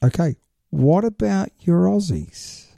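A man's voice: sits high, expressive, takes it slowly, gravelly, warm tone, dry recording, clean studio sound. A man co-hosting a podcast, chatting casually and explaining his points at length. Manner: explains at length, setting up questions. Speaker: podcast co-host. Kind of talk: casual chat.

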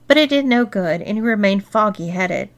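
A woman narrating an erotic story in a steady, expressive reading voice. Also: mid-range voice, moderate pace. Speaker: story reader.

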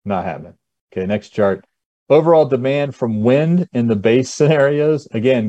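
A man's voice: on the low side, warm tone, no echo. A man appearing as a guest expert on a podcast, talking bluntly and chuckling often as he walks through charts. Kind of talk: casual podcast conversation.

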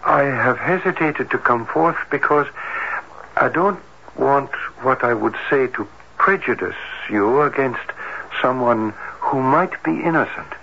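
Heart doctor, male, formal and measured, hesitant manner, bright tone, old radio drama on a dull lo-fi recording. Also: mid-range voice, vocal fry. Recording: dull lo-fi radio broadcast with faint hiss.

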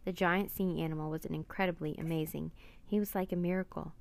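Brief: storybook narrator, woman, steady reading, gravelly texture. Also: deep voice, quick pace. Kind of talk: storybook read-aloud.

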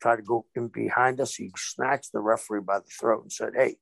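A man's voice: fairly low pitch, brisk, gravelly, no echo. A man, a former pro wrestler, telling stories in a casual interview and acting out the dialogue as he goes. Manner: animated storyteller who acts out quoted dialogue.

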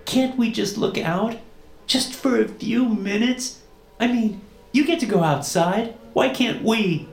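A man's voice: high voice, measured pace, vocal fry, reverberant, soft background music, voice pushed up. A man voicing a pleading teenage girl as the younger sister in a horror story reading. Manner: pleading, whiny.

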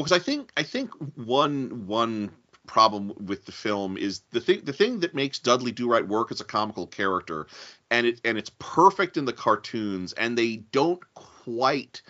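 A man's voice: medium pitch, very animated, measured pace, sharp tone, dull audio. A man chatting casually as a podcast co-host, analytical, often repeating words as he thinks. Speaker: podcast co-host, film reviewer. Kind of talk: casual chat.

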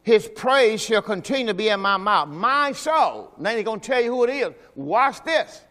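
A man preaching a sermon as pastor. He talks emphatically, asks the congregation questions, and drops into low quiet asides. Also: sing-song, moderate pace. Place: church sanctuary. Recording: long hall reverb from a church service.

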